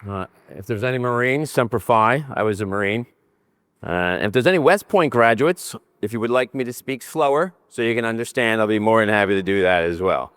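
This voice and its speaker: Older man, lowish voice, joking conference presenter, dry close sound. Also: brisk, smooth, no room sound. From New Jersey. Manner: animated, joking, speaks with his hands. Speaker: conference speaker. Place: conference session room.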